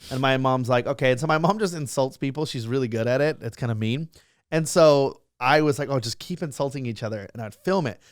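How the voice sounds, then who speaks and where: A young man rattles through his stories at a rapid clip, piling up fillers and restarts. His voice sits at an ordinary pitch. The sound is dry and close. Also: clean tone, dry recording. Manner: fast, excitable, full of fillers and restarts. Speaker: guest, social media creator. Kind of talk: casual interview storytelling.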